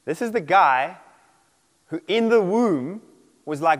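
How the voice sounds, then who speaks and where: A male preacher delivers a sermon, animated and quick to act out the voices he quotes. His voice sits fairly high, and it rings out with the long reverb of a large hall. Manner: animated, acts out quoted voices, laughs often.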